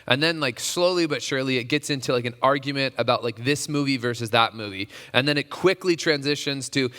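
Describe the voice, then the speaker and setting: A man preaching to a men's gathering as pastor in a relaxed, chatty way, full of restarts and fillers. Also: mid-range voice, fairly quick, hardly any pauses, big-room sound. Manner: conversational, many restarts and fillers, animated. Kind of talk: casual sermon.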